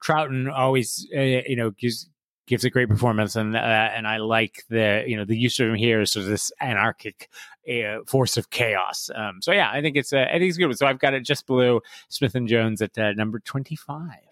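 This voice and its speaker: A man's voice: mid-range voice, a little fast, a bit bright, no room sound. A man co-hosting a podcast in casual chat, hesitant and rambling with many fillers and dry jokey asides. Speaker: podcast co-host.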